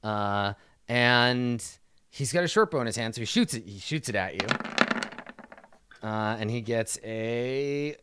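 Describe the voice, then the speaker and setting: A man's voice: medium pitch, measured pace, pauses often, very noisy. A man running a tabletop game as dungeon master, talking through rules and narrating what the enemies do. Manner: explains rulings and actions conversationally.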